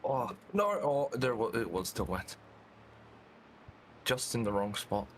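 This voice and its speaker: A man's voice: mid-range voice, a little slow, a little hiss or hum. A man talking with his racing team over voice chat, swearing and exasperated after crashing.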